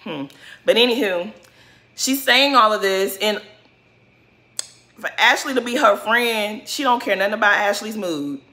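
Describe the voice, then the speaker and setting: Female vlogger, sassy and blunt, bright and forceful tone, recap style. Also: medium pitch, measured pace, long pauses. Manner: sassy, blunt, addresses viewers as girl. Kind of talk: casual recap commentary.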